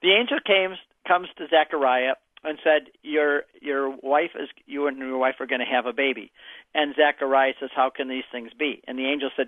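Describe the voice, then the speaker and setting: A man's voice: medium pitch, fairly even intonation, moderate pace, no room sound. An older man answering callers' faith questions on a call-in radio show, telling stories and acting out the voices. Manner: storytelling, acts out voices in his answers. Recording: dry, phone-like radio audio.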